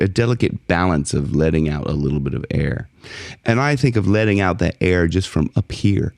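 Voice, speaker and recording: A man teaching a singing lesson as a vocal coach, explaining technique in a relaxed way between short sung demonstrations. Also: moderate pace, dry recording, studio quality. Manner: speaks in a low fry, then jumps high to sing song lines in demonstrations.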